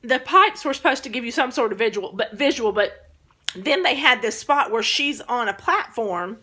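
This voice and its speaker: A woman's voice: a little high, expressive, normal speed, sharp tone. A woman with a Southern US accent, co-hosting a chatty, folksy casual conversation. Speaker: co-host. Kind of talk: casual chat.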